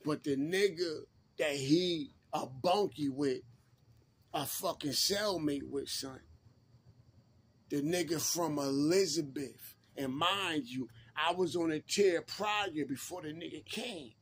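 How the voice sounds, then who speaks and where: A man's voice: on the high side, slow pace, husky. A man, casually telling a prison story in laid-back street slang and repeating himself.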